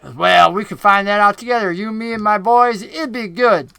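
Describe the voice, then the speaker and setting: A man's voice: high voice, normal speed, creaky, sharp tone, smooth, dry recording, heavily acted. A man voicing a scheming, greedy male goblin boss who talks in a folksy, wheedling drawl with slangy grammar.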